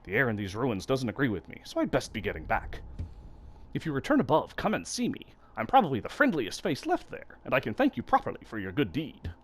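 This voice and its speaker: Brief: kindly old bug merchant from a video game, gentle and grateful, read by a man doing the voice. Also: medium pitch, wildly swooping pitch, a little fast. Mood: friendly. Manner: kindly, polite, folksy. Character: friendly old bug shopkeeper, male, gentle.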